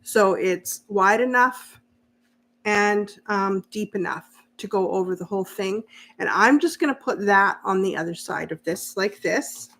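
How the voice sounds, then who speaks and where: Woman, sewing-stream host, chatty, quick to laugh, answers viewer comments while working. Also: medium pitch, vocal fry, a bit bright. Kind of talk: casual live-stream sewing chat.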